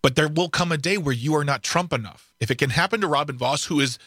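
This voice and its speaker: A man co-hosting talk radio, sarcastic and animated, tripping over his words and restarting. His voice is bright and forceful, recorded dry and close in a studio. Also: a little high, fast talker, no echo. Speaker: radio talk show co-host. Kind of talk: casual political radio chat.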